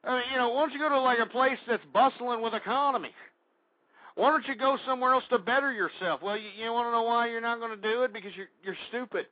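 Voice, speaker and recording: A man with a high, husky voice rants and shouts insults as a radio host, breathless and heated. The sound is dull and lo-fi, and the voice sits close and dry. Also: fast, no room sound. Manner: angry ranting, shouting insults. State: out of breath, sweating. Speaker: radio talk show host. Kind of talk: ranting political commentary.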